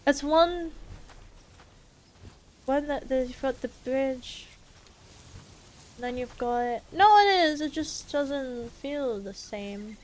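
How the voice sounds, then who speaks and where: A woman's voice: high-pitched, big pitch swings, slow, pauses often. A young woman streaming a game live, chatting casually with viewers in a playful, sarcastic way and swearing freely. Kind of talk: casual live-stream chat while gaming.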